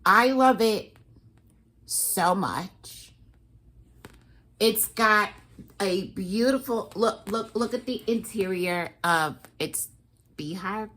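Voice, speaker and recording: A woman chatting to camera as a cross-stitch vlogger, gushing and excitable as she talks straight to her viewers. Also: medium pitch, takes it slowly, pauses often. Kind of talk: casual chat to camera.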